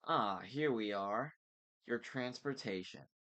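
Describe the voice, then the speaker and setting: A man reading aloud and voicing a menacing, gloating monster posing as a vice principal, speaking slowly and deliberately. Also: mid-range voice, expressive, bright, forceful tone. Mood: gloating menace. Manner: slow, deliberate, mocking.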